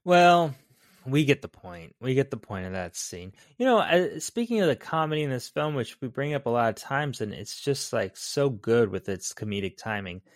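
A man's voice: medium pitch, lively intonation, normal speed, no echo, clean studio sound. A man co-hosting a podcast who talks casually and teasingly about a film, with fillers. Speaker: podcast co-host. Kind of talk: casual movie discussion.

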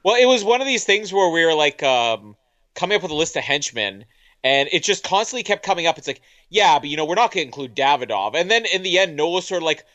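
A man's voice: high-pitched, sing-song, fast, pushed and bright, no room sound, lo-fi sound. A man co-hosting a podcast, chatting casually and joking over a film commentary. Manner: laughing, jokey. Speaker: podcast co-host. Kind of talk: casual movie commentary chat.

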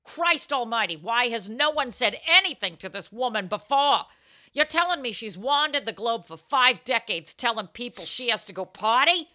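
A woman's voice: a little high, expressive, moderate pace, sharp tone. A woman co-hosting a comedy advice podcast, brash and crude in her answers. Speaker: co-host answering advice letters.

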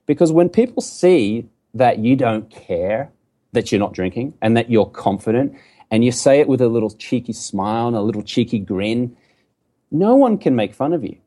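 A middle-aged Australian man, a podcast guest, talking in an animated, joking and emphatic way. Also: medium pitch, normal speed. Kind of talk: casual podcast conversation.

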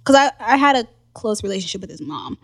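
A young adult woman on a podcast, casually telling a personal story in animated bursts, filling with "like" and laughing often. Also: medium pitch, fast talker. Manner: animated storyteller, acts out quoted voices, frequent laughs and "like" fillers. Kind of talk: casual chat.

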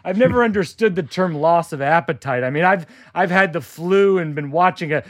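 A man telling a comic story about a doctor's visit in a dry, deadpan way. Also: on the high side, brisk, dry recording. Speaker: comedian workshopping a story.

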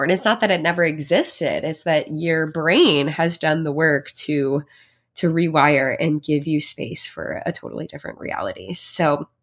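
A pregnant woman hosting her own podcast, talking in a heartfelt, reflective way, chatty and full of fillers. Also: low voice. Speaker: podcast host. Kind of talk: personal solo podcast.

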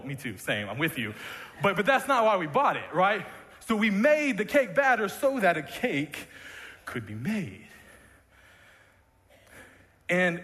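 A man's voice: high voice, pushed and bright. A man preaching a sermon in a church, conversational and jokey with many restarts. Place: church sanctuary. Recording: long reverb of a church hall.

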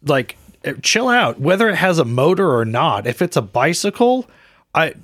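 A man with an English Midlands accent co-hosting a motorcycle podcast, animated and prone to restarts. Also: a little high, normal speed, no room sound, studio quality. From England. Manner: animated, restarts often, swears casually. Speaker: podcast co-host. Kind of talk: casual chat.

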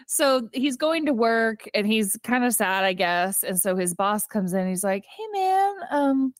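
A woman co-hosting a casual movie recap chat, giggly and animated as she retells scenes. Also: mid-range voice, unhurried, dry recording, studio quality. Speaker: podcast co-host.

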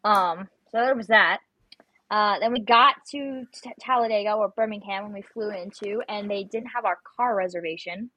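A woman's voice: mid-range voice, normal speed, pushed and bright, no room sound, lo-fi sound. A young adult woman, a guest on an interview show, telling stories in a chatty way and acting out her own panicked lines. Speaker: guest, competitive shooter. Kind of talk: casual interview chat.

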